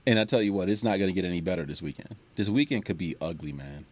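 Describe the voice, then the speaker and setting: A man's voice: sits low, animated, fast, darkish tone. A man co-hosting a casual sports talk show, emphatic and repeating his points for stress.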